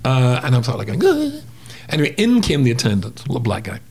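A man's voice: medium pitch, big pitch swings, rapid-fire, vocal fry, darkish tone, breathy edge. A man telling a story as a guest on a casual interview podcast, acting out sounds and voices as he goes.

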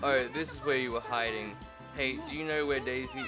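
A man playing a game aloud, reading its first-person narration and breaking off into loud, profane jokes and rants. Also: mid-range voice, steady tone, a little fast, over loud music. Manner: profane, loud joking outbursts. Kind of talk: let's-play commentary and first-person narration.

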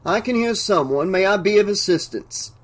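A man voicing an entranced bank manager who talks slowly in a dreamy, sing-song way, reading an audiobook. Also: sits high, lively intonation, pitched above the performer's own voice. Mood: dreamy, grandiose. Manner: slow, sing-songy, dreamy.

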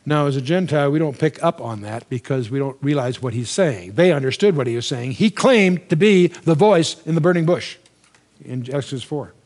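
An older man giving a Bible lecture in a conversational way, reading scripture slowly with emphasis and asking his listeners questions. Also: fairly high pitch, expressive, darkish tone. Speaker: Bible teacher.

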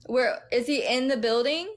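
Bossy, slightly high-voiced woman streamer. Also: normal speed. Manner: directive, swears freely. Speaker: livestream host. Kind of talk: casual livestream chat.

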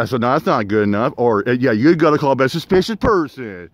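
A man's voice: medium pitch, expressive, quick pace, no echo. Profane rambling man telling a story. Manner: profane, rambling, lots of fillers. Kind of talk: casual storytelling rant.

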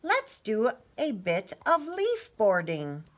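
A cheerful, kind heroine from a picture book speaks in a bright, friendly voice, as a woman acts her out. Her voice lifts and dips playfully as she talks, and she keeps an unhurried pace. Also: on the high side, huge pitch swings, pitched above the performer's own voice, full character voice. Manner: bright and kindly.

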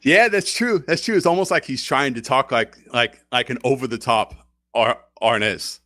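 A man's voice: mid-range voice, moderate pace, pushed and bright, dry recording. Laughing, rambling male podcast co-host. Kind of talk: casual chat recapping a TV episode.

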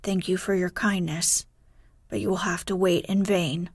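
A woman voicing a gruff, stubborn old grandfather in a story, firm and unyielding in a hushed bedtime read. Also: on the low side, little pitch movement, normal speed, no room sound, studio quality, lightly acted.

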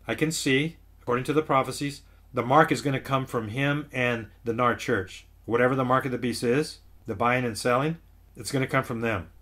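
A man hosting his own online ministry, speaking at a middle pitch. He preaches with urgency and insistence, repeating his points and addressing listeners as folks. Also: a bit bright. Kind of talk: preaching to camera.

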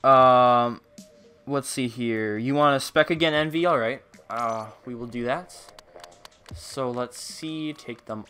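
Bright-voiced excitable gaming streamer, man. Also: mid-range voice, takes it slowly, smooth, soft background music. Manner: excitable, chatty with viewers, hums along. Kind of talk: casual live game commentary.

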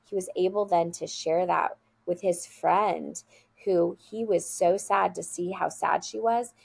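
Gravelly-voiced woman, earnest school guest. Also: on the low side, fairly even intonation, a little slow, darkish tone, no room sound. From USA. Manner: earnest, heartfelt anecdote-telling. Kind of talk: conversational interview storytelling.

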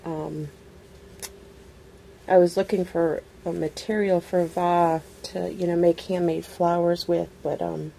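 A woman vlogger unboxing a craft swap package in casual chat, gushing over each item with excited exclamations. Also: lowish voice, slow, vocal fry, slight background noise.

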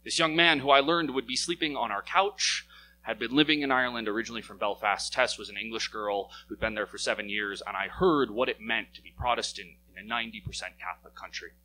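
A young American man telling a personal story at a live story slam, lively and wry, his voice climbing as the tale builds. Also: on the low side, fast, a little hiss or hum, poor audio. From United States. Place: stage in a small venue.

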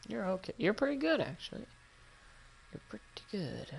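A man's voice: high-pitched, sing-song, moderate pace, creaky. Joking young-sounding gamer guy. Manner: joking, talks to game characters. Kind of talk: casual gameplay commentary. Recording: loud gunfire and game noise behind.

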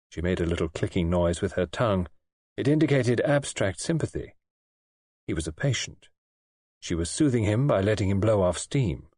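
A male audiobook narrator reads with measured, expressive pacing and a lively, varied melody. His low voice has a husky edge, captured dry and close with no room sound. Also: no echo. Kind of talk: scripted narration.

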